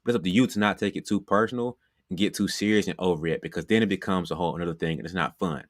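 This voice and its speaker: Racing along in a low voice, this male basketball trainer gives a conversational, motivational coaching talk full of repeated phrases and frequent "you know"s. It's a clean studio recording with no room sound.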